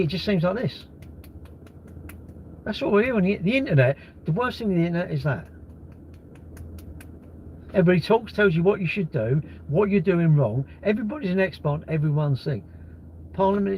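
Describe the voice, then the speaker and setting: A middle-aged man rants to his livestream viewers, blunt and sweary, firing question after question. His voice sits high and leaps around a lot. The stream audio is dull and lo-fi, with a faint hiss behind him. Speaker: livestream host. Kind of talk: casual livestream rant.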